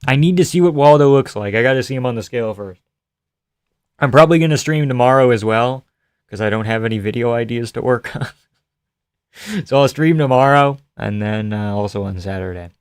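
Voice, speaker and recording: Smooth-voiced man casually chatting on a stream. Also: medium pitch, a little fast, no echo, studio quality. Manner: joking, swears casually. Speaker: live streamer. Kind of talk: casual chat while reading live comments.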